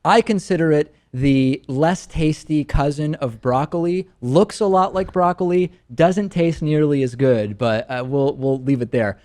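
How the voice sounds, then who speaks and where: A man hosting a talk show, chatting in a dry, measured, lightly joking way. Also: on the high side, a little mellow. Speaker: show host. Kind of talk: casual talk show banter.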